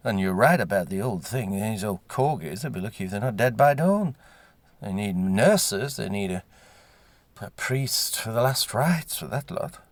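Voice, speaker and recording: A man's voice: on the low side, animated, normal speed, no echo. A man voicing a scarred young male drinker, blunt and chatty, with hesitant fillers.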